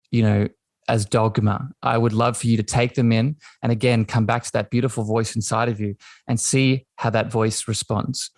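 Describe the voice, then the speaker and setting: A male podcast host with a low, flat voice speaks gently and affirmingly, tagging his points with "right?". The recording is dry and close, with no room sound. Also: no room sound. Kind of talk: conversational interview.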